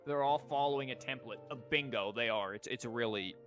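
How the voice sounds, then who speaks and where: A man in his thirties chats loosely while streaming a game, mid-pitched and jokey, tripping over fillers and restarts. Game music sits faintly behind his voice. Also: fairly quick, fairly bright tone. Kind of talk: casual live-stream chat while gaming.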